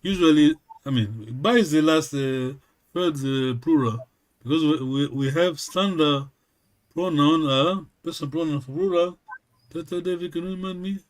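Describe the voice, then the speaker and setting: A man who speaks natively, teaching a lesson over a video call, slow and patient, often checking in with a quick "yes?". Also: fairly high pitch. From Congo region, Kikongo-speaking village. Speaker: language teacher. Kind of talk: online language lesson.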